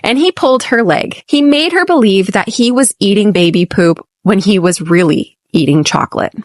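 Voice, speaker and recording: An American woman hosting an English lesson podcast, speaking clearly and deliberately and modeling phrases slowly for repetition. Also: medium pitch, lively intonation, no room sound, studio quality. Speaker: podcast host and English teacher.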